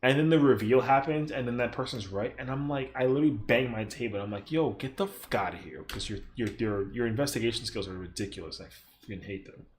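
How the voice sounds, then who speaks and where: A man's voice: medium pitch, quick pace, hardly any pauses, a little hiss or hum. A young man chatting casually on a stream, rambling, swearing freely and acting out other people's lines in exaggerated voices.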